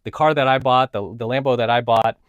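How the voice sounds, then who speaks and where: A man's voice: mid-range voice, fairly even intonation, brisk, smooth, no echo, lo-fi sound. A man, a coach and vlogger, telling a personal story in a casual monologue, emphatic and repeating himself. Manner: emphatic, repeats himself, asks "right?" often.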